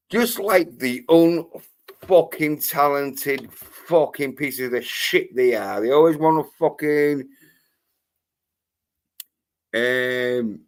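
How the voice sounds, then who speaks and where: A man's voice: mid-range voice, very slow, long pauses. A man hosting a livestream, ranting angrily and swearing constantly in a rambling way. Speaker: livestream host. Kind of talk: profane livestream rant.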